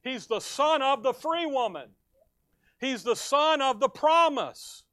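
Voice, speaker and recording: Delivering a sermon with no echo around him, a pastor speaks in a very high-pitched, sharp voice with lively intonation. He reads scripture in slow, emphatic phrases and poses questions to the congregation before answering them himself.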